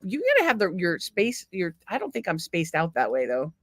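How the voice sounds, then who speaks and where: A woman co-hosts a casual podcast with her husband in a low, slightly bright voice, very animated and brisk, with no echo. Her banter is crude, rambling through blunt, profane stories and opinions.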